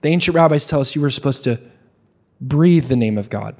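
A young man preaching a sermon, animated, with quick restarts and questions put to the congregation. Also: mid-range voice. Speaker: pastor.

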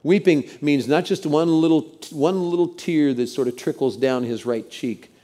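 A man preaching a sermon, expressive, sometimes dropping to a hushed, soft voice. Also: on the high side, normal speed. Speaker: pastor.

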